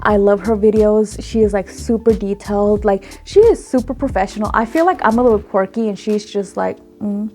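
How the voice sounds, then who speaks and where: A young woman hosting a lash-extension vlog, gushing and giggling with excitement as she unboxes products. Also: medium pitch, normal speed, hardly any pauses, a little hiss or hum. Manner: bubbly, gushing, giggly, exclamatory.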